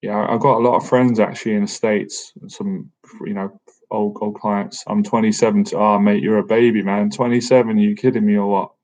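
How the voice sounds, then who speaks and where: A man's voice: on the low side, flat delivery, a little fast, darkish tone. A man in his thirties hosting a casual live-stream Q&A, chatty and jokey, often tacking "man" onto his sentences. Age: 30s. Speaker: boxing coach and livestream host. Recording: dull lo-fi stream audio.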